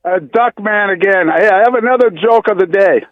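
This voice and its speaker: High-voiced male caller telling a joke. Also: dry recording. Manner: halting, repeats himself, slow storytelling. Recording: muffled phone line.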